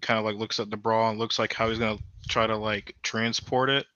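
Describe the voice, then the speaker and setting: A man's voice: fairly low pitch, flat delivery, brisk, sharp tone, no echo, dull audio. A man playing a tabletop game, describing his character's actions in a hesitant, filler-heavy way. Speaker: player.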